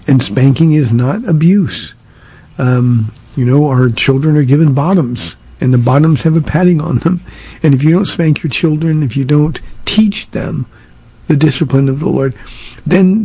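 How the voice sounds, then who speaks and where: An older American pastor on his radio show, answering a listener's question in earnest, halting speech full of restarts. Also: fairly high pitch, warm tone, breathy edge.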